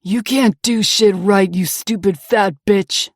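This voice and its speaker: A vicious young man who bellows and spits insults, voiced by a woman in a loud, harsh register. The audiobook voice has a middling pitch and a dry, close sound. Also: steady tone, moderate pace, dry recording, lightly acted. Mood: raging. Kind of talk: audiobook character voice.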